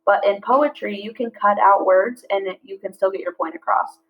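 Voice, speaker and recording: Woman teaching a slow, clear lesson. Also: medium pitch, steady tone. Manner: slow, clear syllable-by-syllable reading. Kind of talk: classroom lesson. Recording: slightly dull lo-fi audio.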